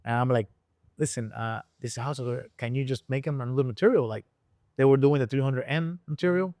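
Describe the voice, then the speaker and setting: Man telling a lively story. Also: a little fast, no echo. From Puerto Rico. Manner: animated storyteller who acts out quoted people with jumps in pitch. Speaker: guest, engine builder and shop owner. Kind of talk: casual storytelling interview.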